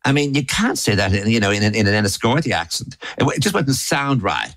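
Irish host guy, lowish voice, dry close sound, chatty and playful. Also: big pitch swings, fast, fairly bright tone, no room sound. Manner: articulate, playful, acts out song lines. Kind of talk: casual conversation.

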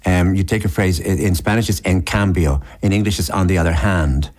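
A man's voice: low voice, steady tone, a little fast, darkish tone. A man in a literary discussion, musing aloud and turning phrases over, often restarting his sentences.

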